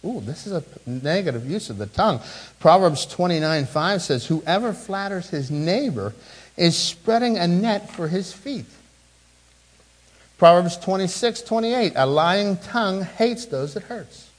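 A middle-aged man preaching a sermon as a pastor, speaking with the congregation, swinging from animated emphasis to hushed, low moments. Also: poor audio. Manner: conversational, with asides to the congregation.

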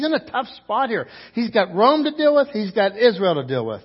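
A man's voice: high voice, big pitch swings, moderate pace, slightly rough, muffled recording. A man preaching a sermon as pastor, telling the story vividly and acting out the characters' lines.

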